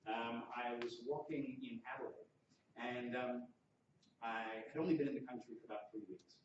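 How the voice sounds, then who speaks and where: A man's voice: medium pitch, fairly even intonation, moderate pace, a little hiss or hum. A man delivers a storytelling keynote in a large conference hall and acts out the voices of the people in his anecdotes. He is picked up from some distance, so his voice is thin and muffled. A heavy hall echo trails every phrase. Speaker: keynote speaker and poet. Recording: echoey hall, distant and dull.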